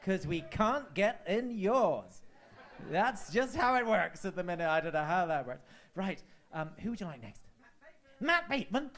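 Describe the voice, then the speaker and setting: A man's voice: high voice, animated, moderate pace, a bit bright. A man hosting a live cabaret showcase, chatting and teasing the crowd with camp banter. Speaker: host. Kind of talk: cabaret compering.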